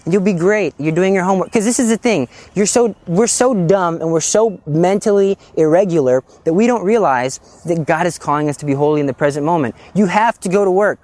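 A man preaching a sermon in an animated, scolding way, acting out little scenes as he goes. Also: high voice, fairly quick, few pauses, dry recording.

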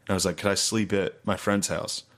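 A man's voice: low-pitched, level tone, brisk. A young man casually telling stories, laughing often and swearing freely. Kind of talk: casual storytelling chat.

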